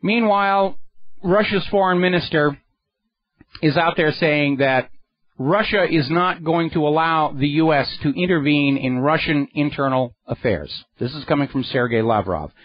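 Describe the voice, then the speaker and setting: Fairly high in pitch and moving at a moderate pace, the radio talk show host's voice carries a sarcastic, indignant political rant into his studio microphone. The room adds no sound, and the recording is dry and a bit dull.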